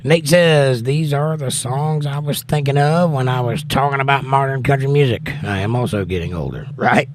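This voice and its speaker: This livestream host is a weary middle-aged man whose medium voice moves at normal speed with hardly any pauses. He reads out comments from viewers and responds in a relaxed, wry way.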